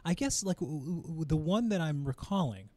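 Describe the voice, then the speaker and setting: Chatty man with a slightly high voice. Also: lively intonation, normal speed, darkish tone, no echo. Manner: chatty, laughs easily, stammers on restarts. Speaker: podcast co-host. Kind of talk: casual podcast chat.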